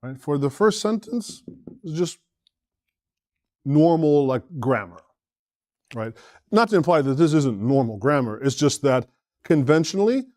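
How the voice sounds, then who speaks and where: A man's voice: fairly high pitch, darkish tone, dry recording. A man gives a classroom lecture in a slightly raised voice, with dry, close sound. He explains patiently and step by step, often stopping to quiz his students. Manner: explains patiently, checks in with "right?" and asks the class questions. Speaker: Arabic teacher and imam.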